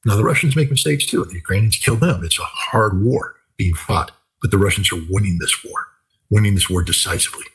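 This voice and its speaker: A man's voice: fairly low pitch, a little fast, a bit bright, slightly rough, poor audio. An older man talking in a casual interview, telling stories in an emphatic, repetitive way. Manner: emphatic, repetitive, vivid storytelling. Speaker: commentator.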